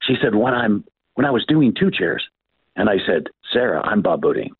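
Husky older man telling lively stories. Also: fairly low pitch, moderate pace, dry recording. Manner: acts out the voices of people in his stories. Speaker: author and guest. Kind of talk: animated storytelling in an interview. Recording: tinny phone-like line.

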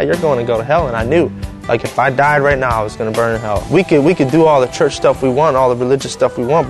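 Man giving an earnest testimony. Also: medium pitch. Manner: earnest, halting, emotional storytelling. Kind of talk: personal testimony.

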